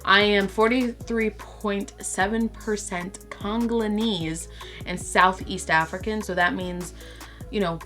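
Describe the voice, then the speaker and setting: A woman from Brazil chatting excitedly to camera as a vlogger and stumbling over words. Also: mid-range voice. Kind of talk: casual chat to camera.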